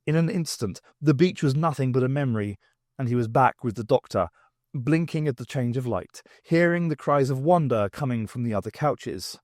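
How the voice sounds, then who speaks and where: A man reading a novel aloud as an audiobook, with expressive storytelling. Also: medium pitch, normal speed, no echo, clean studio sound. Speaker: audiobook reader.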